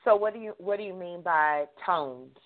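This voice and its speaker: A woman's voice: fairly low pitch, expressive, normal speed. Chatty woman host on a phone line. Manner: chatty, curious, self-correcting. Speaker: radio show host. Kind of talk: casual interview chat.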